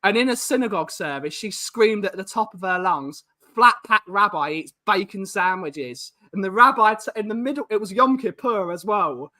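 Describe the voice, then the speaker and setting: A man hosting a casual chat, telling jokey stories and reading out comments with quick restarts. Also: high voice, expressive, pushed and bright. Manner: fast, joking storyteller with restarts. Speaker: podcast host.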